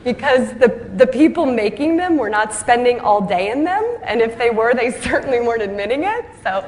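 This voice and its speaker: Animated woman telling her founder story. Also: a little high, unhurried, a little hiss or hum. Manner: lively, self-deprecating, acts out quoted voices; laughs at her own punchlines. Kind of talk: storytelling speech.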